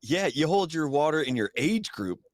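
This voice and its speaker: A man's voice: fairly high pitch, big pitch swings, moderate pace. A man hosting an interview podcast, chatting casually and teasing his guest in a joking way. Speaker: podcast host.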